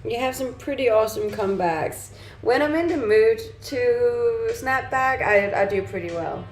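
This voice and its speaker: A young woman chats on a live stream, answering comments as she reads them out with relaxed, easy laughter. Her voice has a gravelly fry. The sound is roomy, with faint music underneath. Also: fairly high pitch, unhurried. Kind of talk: casual live-stream chat.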